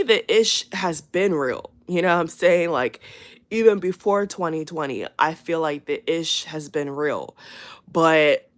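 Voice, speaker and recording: A woman hosting her channel, speaking casually and earnestly to her viewers, rambling and repeating herself with many fillers. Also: deep voice. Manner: earnest and emphatic. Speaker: channel host. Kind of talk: casual spoken warning to viewers.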